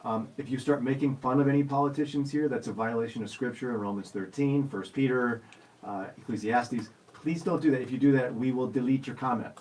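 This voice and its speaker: A man co-hosts a morning radio show, chatting casually from the studio. He tells stories with a playful, teasing edge. His pitch sits in the middle range, and a faint ambience runs behind him. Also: fairly quick, darkish tone, a little hiss or hum, poor audio.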